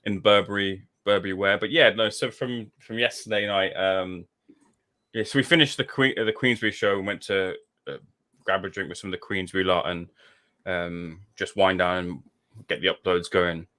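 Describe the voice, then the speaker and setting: A man's voice: deep voice, normal speed. A man, a podcast guest, telling a story in casual chat and acting out the people he quotes. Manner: animated, acts out quoted voices, laughs often.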